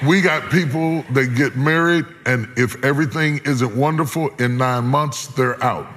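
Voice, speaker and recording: Middle-aged male preacher, rhythmic sermon delivery, booming to hushed, in a large reverberant church with a noisy crowd. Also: normal speed. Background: congregation responding and cheering.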